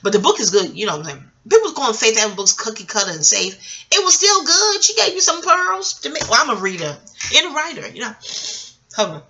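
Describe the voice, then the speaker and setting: A middle-aged woman venting in a casual, scattered, profanity-laced rant, swinging between loud outbursts and quiet asides. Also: on the high side, very animated, fairly quick. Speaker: vlogger.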